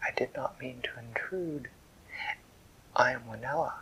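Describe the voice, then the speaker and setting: A man's voice: medium pitch, a little slow, sharp tone, slight background noise, low-quality recording. A man voicing a polite, earnest little girl who explains herself in a storybook. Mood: apologetic.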